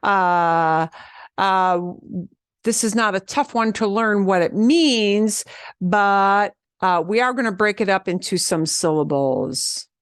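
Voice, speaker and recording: Slow, patient woman teaching Spanish. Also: mid-range voice, clear, resonant tone, no echo, clean studio sound. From American Southwest. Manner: patient, repeats words slowly with strong trills. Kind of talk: beginner language lesson.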